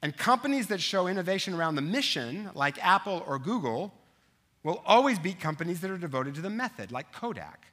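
A male pastor preaching to his congregation in a bright, forceful voice that sits a little high. He tells stories in an animated way and keeps turning to the room with quick asides. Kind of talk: sermon.

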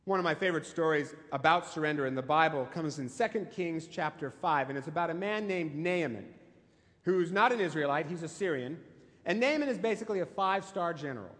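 A man's voice: on the high side, animated, brisk, fairly bright tone, long reverb tail. A male pastor preaching a sermon, telling stories emphatically and asking the listeners questions. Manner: emphatic storytelling with rhetorical questions.

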